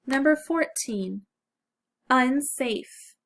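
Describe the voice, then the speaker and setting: Slow-speaking woman teaching phonics. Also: sits high. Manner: slow, clear, encouraging teacher talk. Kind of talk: phonics lesson for children.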